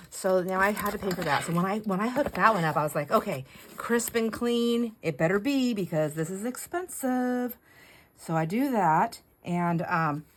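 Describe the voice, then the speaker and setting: Rambling, chatty woman crafter. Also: fairly low pitch. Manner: rambling, self-deprecating, laughs often. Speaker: crafting channel host. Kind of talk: casual chat while crafting.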